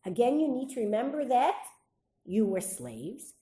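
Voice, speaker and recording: A woman's voice: on the high side, very animated, unhurried, warm tone. A woman teaching a Torah class, reading Hebrew verses aloud and quizzing her students with questions she then answers. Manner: reads Hebrew verses aloud between explanations.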